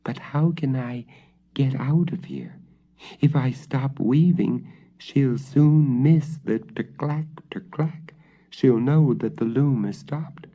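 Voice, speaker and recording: Man putting on a nervous little girl voice, pitched up, lo-fi. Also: takes it slowly, warm tone. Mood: worried. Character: frightened little peasant girl. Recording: dull lo-fi old recording.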